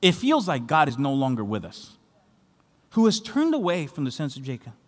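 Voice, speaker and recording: Pastor, man from Latin America, higher voice, impassioned sermon delivery, long hall echo. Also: wildly swooping pitch, brisk. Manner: passionate preaching, rising to shouts on key phrases.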